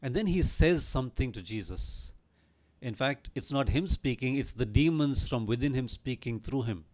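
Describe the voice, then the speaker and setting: A man's voice: mid-range voice, animated, normal speed, a little mellow. A man teaching a Bible story in an earnest, emphatic way, often asking the listener rhetorical questions.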